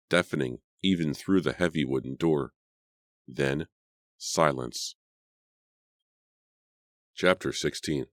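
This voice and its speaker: A man narrating a horror novel as an audiobook, in a dramatic, measured reading. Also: rumbling low, no room sound, clean studio sound.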